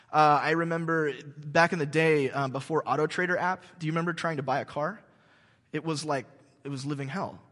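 A man preaching a sermon to his congregation, telling stories in an animated, joking way with many restarts. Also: on the high side, long reverb tail. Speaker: pastor. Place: church sanctuary.

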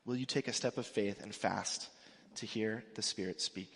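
A man's voice: fairly low pitch, steady tone, normal speed, creaky, fairly bright tone, slightly rough. A man preaching a sermon in a conversational, emphatic way, acting out the quotes he gives. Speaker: pastor. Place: church sanctuary. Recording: echoey hall with long reverb.

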